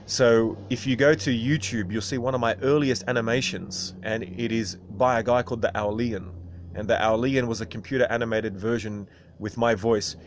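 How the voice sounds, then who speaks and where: A man talks straight to his viewers in a loose, casual monologue. He rambles, restarts his thoughts and keeps tagging his points with "right?". His voice sits at an ordinary middle pitch. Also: steady tone, moderate pace, a little hiss or hum. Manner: rambling, tags sentences with "right?". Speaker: video host.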